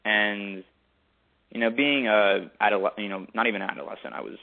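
Young male guest, low-pitched, halting delivery, calling in on a phone line. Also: fairly even intonation, creaky, slight background noise. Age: young adult. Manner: hesitant, many ums. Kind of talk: casual interview. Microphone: phone call.

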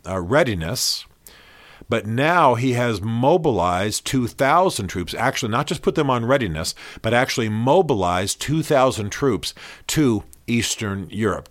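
A man's voice: mid-range voice, dry recording. A man hosting his own podcast, talking through current events in a blunt, opinionated, conversational way with fillers. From United States. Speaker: podcast host. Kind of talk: solo podcast commentary.

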